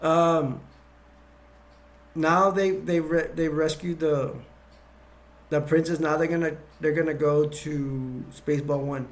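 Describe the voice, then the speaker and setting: Guy recapping a movie, kinda higher voice, lots of ums and restarts, just rambling along. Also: steady tone, takes it slowly, pauses often. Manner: rambling, many restarts and fillers. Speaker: movie reviewer. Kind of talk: casual plot retelling.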